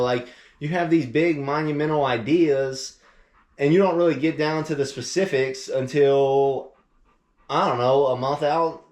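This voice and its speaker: A man's voice: a little high, steady tone, a little slow, darkish tone, roomy sound. A man co-hosting a casual chat, telling a travel story in a rambling way with lots of fillers and acted-out quotes. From Louisiana, USA. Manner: rambling, filler-heavy, acts out quoted phone calls. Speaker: podcast co-host.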